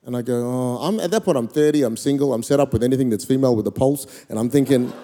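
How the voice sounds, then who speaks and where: A pastor in his thirties telling a personal story in a sermon, animated and comic, with sudden loud, excited peaks. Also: medium pitch, fast, slight background noise. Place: large church hall. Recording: long hall reverb.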